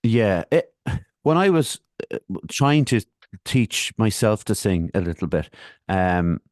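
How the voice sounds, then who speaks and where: A man's voice: on the low side, big pitch swings, takes it slowly, darkish tone, no echo, clean studio sound. A man hosting a podcast interview, talking in a rambling, hesitant way with many restarts. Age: 30s or older. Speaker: podcast host. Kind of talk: casual interview chat.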